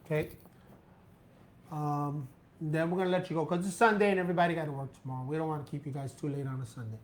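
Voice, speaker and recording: A man hosting a casual live stream, loose and relaxed, reading a viewer's post aloud with emphasis. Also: on the high side, fast, a little hiss or hum. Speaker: host.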